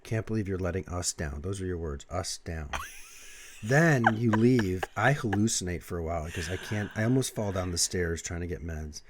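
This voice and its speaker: Male podcast co-host with a cold, low-pitched, plays up his misery, background noise. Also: lively intonation, normal speed. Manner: exaggerated storytelling, mock-dramatic. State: sick with a cough, congested. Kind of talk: casual couple banter.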